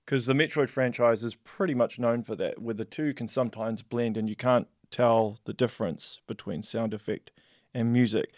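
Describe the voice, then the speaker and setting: A man hosting an interview, asking questions in a relaxed way and agreeing briefly. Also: mid-range voice, moderate pace, no room sound, studio quality. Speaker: podcast host.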